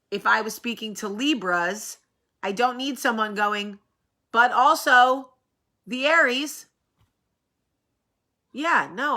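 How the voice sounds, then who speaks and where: A woman hosting a casual vlog, talking to camera in a rambling, animated way, with a sore, swollen face after dental work. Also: medium pitch. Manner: chatty, rambling, animated asides. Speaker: vlog host.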